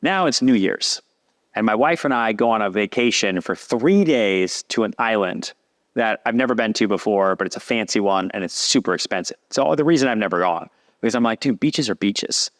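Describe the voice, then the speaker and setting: A man, a podcast guest telling a long story in a lively casual way and acting out what others said. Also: lowish voice, brisk. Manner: animated, acts out quoted voices.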